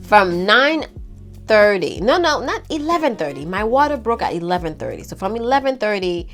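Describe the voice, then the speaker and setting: A talkative woman in her thirties spins a casual storytime for her viewers, calling them girl and y'all as she goes. Her voice sits at an ordinary middle pitch, and soft music plays faintly underneath. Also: normal speed. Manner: chatty, animated, addresses viewers as girl and y'all. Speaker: vlogger telling her birth story.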